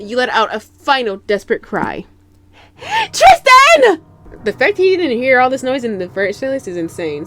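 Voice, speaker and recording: A young woman with a slightly high voice runs a gaming channel, reading a visual novel aloud with dramatic narration punctuated by loud outbursts of cursing.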